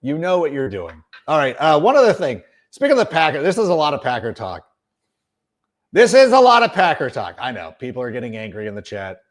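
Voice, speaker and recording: A man's voice: medium pitch, very animated, quick pace, hardly any pauses. A middle-aged man hosting a sports podcast, ranting in an exasperated, sarcastic, emphatic way. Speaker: podcast host.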